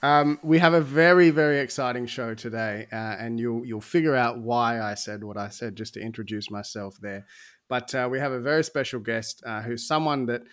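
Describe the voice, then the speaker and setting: A man's voice: mid-range voice, normal speed, a bit bright. A man hosting a casual podcast interview, chatty and upbeat, with frequent fillers and restarts. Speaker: podcast host.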